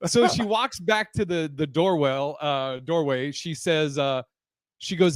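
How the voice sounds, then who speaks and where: Animated, profane man telling a story. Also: fairly high pitch, normal speed, clear, resonant tone, no room sound. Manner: animated, profane, laughs often. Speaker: podcast co-host. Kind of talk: casual storytelling.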